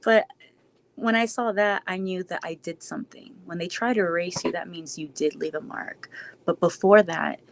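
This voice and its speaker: A woman's voice: fairly low pitch, fairly even intonation, moderate pace, gravelly, slight background noise. A woman live streaming a casual Q&A, answering chat in a rambling, reflective way with frequent restarts.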